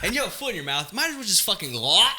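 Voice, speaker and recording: A man's voice: high voice, sing-song, racing, a crowd in the background. A man in casual podcast chat, cursing constantly and laughing. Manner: profane, laughing. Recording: loud clicking noise.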